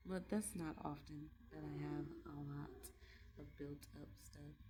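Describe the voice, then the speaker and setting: A mother talking in a casual, reflective vlog, earnest and candid, pausing and restarting as she gathers her thoughts. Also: sits low, steady tone, warm tone, a little hiss or hum. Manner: earnest, halting, with frequent restarts and trailing pauses; candid and heartfelt. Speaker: mother vlogging about parenting.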